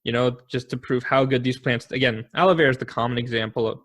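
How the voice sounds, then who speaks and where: A man's voice: mid-range voice, steady tone, fast, a bit bright. A man co-hosting a casual history podcast, thinking aloud and offering guesses as he talks. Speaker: podcast co-host.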